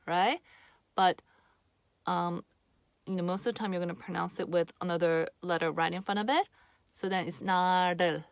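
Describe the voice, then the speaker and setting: A woman giving a casual pronunciation lesson to camera, patient and repeating sounds slowly for the viewer. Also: mid-range voice, no echo. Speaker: Korean pronunciation teacher.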